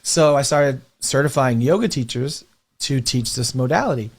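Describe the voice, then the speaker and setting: With a medium-pitched voice at a moderate pace, this man who teaches breathwork chats through a relaxed interview. He's a lively storyteller who keeps saying "you know" and laughs occasionally.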